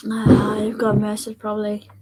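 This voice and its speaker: A woman's voice: medium pitch, monotone, normal speed, very noisy. A young woman chatting casually to camera, rambling, giggling and swearing a lot. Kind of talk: casual vlog chat to camera.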